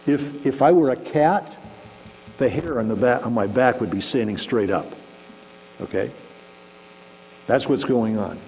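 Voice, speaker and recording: A man preaching a conversational sermon as pastor, animated and acting out little scenes. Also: mid-range voice, measured pace, pauses often. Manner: conversational, animated, acts out shouting examples. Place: church sanctuary. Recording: hall reverb with faint mains hum.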